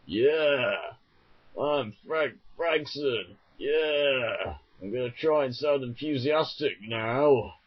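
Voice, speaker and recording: A man's voice: mid-range voice, extremely slow, breathy edge, lo-fi sound. A man mocking a bored, whiny cartoon hero. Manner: flat, drawling mock impersonation. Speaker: mock impression.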